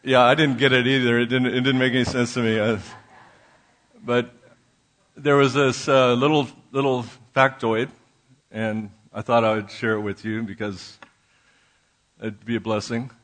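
Male minister, relaxed preaching style, stumbles and restarts, mid-range voice, church setting. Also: medium pitch. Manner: conversational, halting with restarts, drops to a soft voice in prayer. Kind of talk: sermon. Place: church sanctuary.

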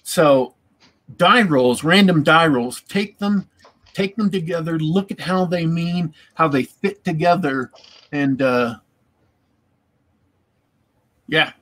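A man's voice: fairly high pitch, takes it slowly, pauses often, fairly bright tone. A man in casual chat about tabletop gaming, rambling and repeating words as he thinks.

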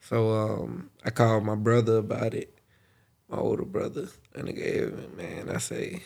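A man's voice: on the low side, monotone, normal speed, creaky, a little mellow. A young man co-hosting a podcast, telling a story in a laid-back, profane way and laughing often. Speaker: podcast co-host. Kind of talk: casual chat, storytelling.

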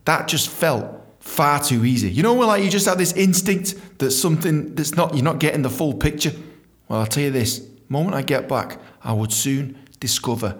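A young man hosting a podcast, telling a story in an animated, swearing way and acting out other people's voices. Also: fairly high pitch, moderate pace, slight background noise. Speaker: podcast host. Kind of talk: casual storytelling.

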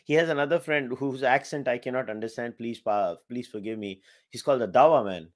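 A man's voice: mid-range voice, a little fast. Podcast host, man, mid-range voice, casual and chatty with stammered repeats. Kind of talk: conversational interview.

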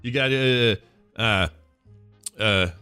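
A man co-hosting a podcast in casual chat, excitable and quick to laugh. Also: clear, resonant tone, no echo, faint music behind. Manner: excitable, laughs often, jumps in pitch when worked up. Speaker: podcast co-host.

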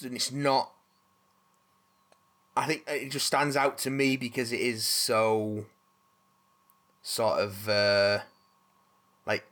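A man's voice: mid-range voice, a bit bright. A man hosting a casual chat, rambling with restarts and casual swearing.

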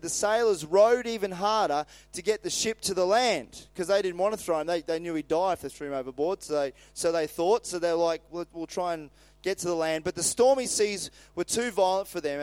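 A man preaching in a casual, lively way, retelling a Bible story with laughs, asides and acted-out lines. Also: sits high, clean tone, no room sound. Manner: animated, acts out voices with laughs and asides.

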